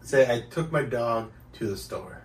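A man's voice: mid-range voice, animated, measured pace, heavy background noise. A man hosting a casual comedy podcast, teasing his co-hosts and explaining things at length. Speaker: podcast host. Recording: roomy, distant mic.

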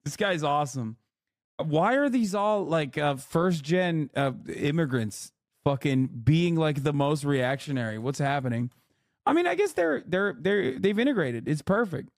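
Sarcastic streamer mocking clips. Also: male voice, on the high side, animated, a little slow, dry recording, clean studio sound. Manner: mocking, profane, laughing asides. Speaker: streamer host. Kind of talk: live-stream reaction commentary.

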